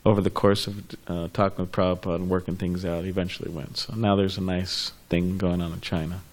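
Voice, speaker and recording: Low-voiced man telling a rambling story. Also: level tone, quick pace. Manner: rambling with fillers and restarts. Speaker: class participant. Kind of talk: casual storytelling.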